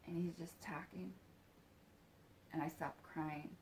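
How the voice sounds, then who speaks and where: A woman telling a personal story in a halting, soft-spoken way, with casual swearing. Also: low-pitched, steady tone, slight background noise.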